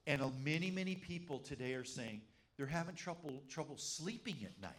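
A middle-aged man preaching a sermon as pastor, telling a funny story with lively energy. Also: a little high, a little fast. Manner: animated, humorous storyteller.

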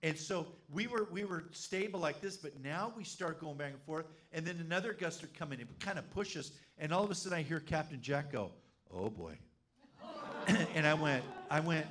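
A man preaching with a fairly high voice, spinning a comic tale into his sermon. He talks like an animated pastor who jokes with his flock before he makes his point. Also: a little fast, hardly any pauses. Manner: animated, humorous storyteller. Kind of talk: storytelling sermon.

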